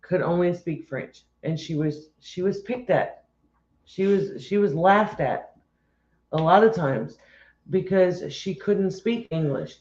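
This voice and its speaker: A man with a notably high voice chats casually as co-host, joking around and laughing easily. The recording is roomy and slightly muffled. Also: slow pace, darkish tone. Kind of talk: casual chat.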